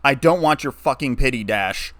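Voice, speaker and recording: A man reading a story aloud, voicing a sarcastic, guarded young human man with a flat, wry delivery. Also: medium pitch, fairly quick, no room sound, close to an everyday voice. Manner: wry, flat, turning bitter.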